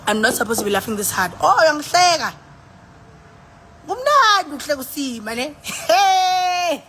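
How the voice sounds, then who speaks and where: A woman's voice: high voice, very animated, a little fast, sharp tone, a little hiss or hum. Tipsy South African woman rambling live. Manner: rambling, sighing, switching between languages. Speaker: livestreamer. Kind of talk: casual live-stream chat.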